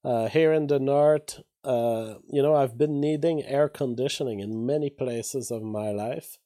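A man talking through the news in a loose, casual vlog. His voice sits at an ordinary pitch with a mellow, warm tone, and he drifts into offhand asides between the headlines he reads out. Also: a little slow. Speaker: vlogger reading news. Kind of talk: casual commentary on read-out headlines.

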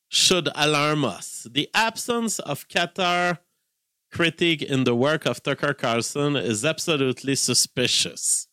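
A man's voice: a little high, unhurried, sharp tone, dry recording, clean studio sound. Heated, rambling man streamer. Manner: rambling, heated, repeats himself. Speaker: online commentator reacting to clips. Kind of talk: casual live-stream commentary.

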